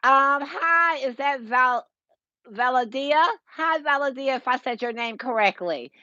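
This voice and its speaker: A woman's voice: sits high, expressive, measured pace, sharp tone, dry recording, lo-fi sound. A woman, hosting a casual home decor livestream and chatting with viewers by name, recorded through a Bluetooth earpiece. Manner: chatty, greets viewers by name, laughs often.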